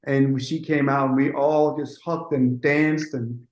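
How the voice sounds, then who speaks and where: A man, a music producer, telling an animated anecdote in an interview and acting out the dialogue with quick asides. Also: medium pitch, echoey room, poor audio.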